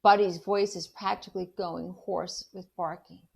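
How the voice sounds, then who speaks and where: A woman, a teacher, reading a children's novel aloud in an animated storytelling way and stopping to ask the listener questions about the story. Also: on the low side, a little slow, vocal fry, breathy edge.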